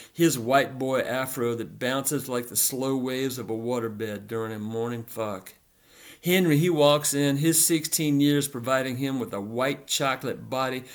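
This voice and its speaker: A man narrating a literary story in a rhythmic, repetitive, deliberate delivery. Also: mid-range voice.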